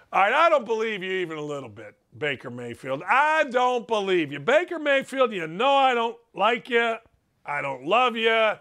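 A man's voice: sits high, sharp tone. A man hosting a sports talk show, ranting with sarcastic, emphatic opinions.

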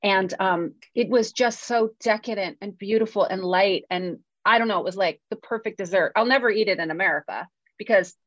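Medium-pitched and fairly quick, this California woman co-hosts a screenwriting podcast while jet-lagged, keeping the conversation chatty and self-mocking with plenty of fillers and laughs. The audio is dull and free of echo.

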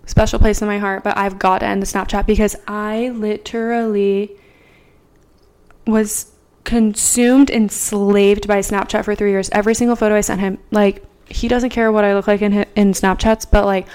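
Young woman, podcast co-host, casual chat, rambling, swears a lot, smooth clear voice. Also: mid-range voice, little pitch movement, moderate pace, darkish tone.

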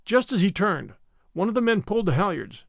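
Male storybook narrator, high voice, animated, dry close sound. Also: fairly quick, creaky, no room sound. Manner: expressive storytelling. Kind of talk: scripted narration.

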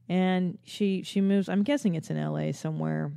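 A woman's voice: lowish voice, steady tone, normal speed, vocal fry, few pauses, mellow, smooth, no echo, studio quality. A woman in her forties from the Los Angeles area hosting a podcast, rambling in a casual, profane and self-mocking comedic monologue. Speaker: podcast host.

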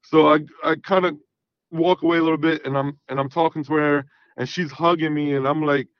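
A man's voice: a little high, brisk, muffled recording. A man in his thirties calling in to a talk show, telling a profane story casually and acting out the dialogue. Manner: animated, profane, acts out quoted dialogue. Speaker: caller.

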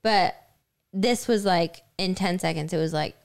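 A woman's voice: lowish voice, unhurried, creaky, clear, resonant tone. A young woman co-hosting a podcast, telling a personal story in casual chat with lots of fillers. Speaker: podcast co-host.

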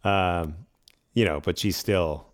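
A man's voice: deep voice, takes it slowly, dry recording, studio quality. A man co-hosting a film podcast, talking in a rambling, jokey way and swearing now and then. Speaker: podcast co-host. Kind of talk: casual film chat.

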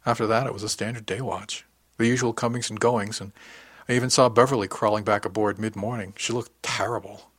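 A man narrating a first-person audiobook in an even, wry storytelling manner. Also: on the low side, a little fast, husky, dry recording.

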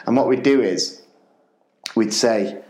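A male primary school teacher chats through anecdotes on his podcast, slipping into voices as he tells them. He has a mid-range voice, and the room gives it a clear echo. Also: medium pitch, takes it slowly. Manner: lively storyteller, acts out voices. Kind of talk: casual anecdote-telling. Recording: roomy echo.

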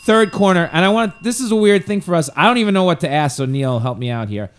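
A man's voice: high-pitched, fast talker. A man hosting a casual comedy podcast, telling stories and acting out the people he quotes. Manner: animated storyteller, acts out quoted voices.

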